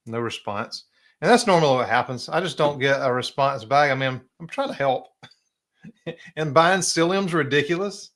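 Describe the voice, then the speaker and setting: A middle-aged man with a South Carolina accent hosting a casual live stream, chatty and drawling, often clearing his throat. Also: medium pitch, brisk, a bit bright. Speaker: host.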